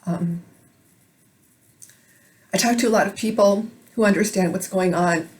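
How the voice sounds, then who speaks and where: A woman's voice: mid-range voice, a little slow, a little mellow. Woman from minnesota talking to camera, earnest and worked up, mid-range voice. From Minnesota, United States. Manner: earnest, emotional and urgent. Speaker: video blogger. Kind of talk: emotional monologue to camera.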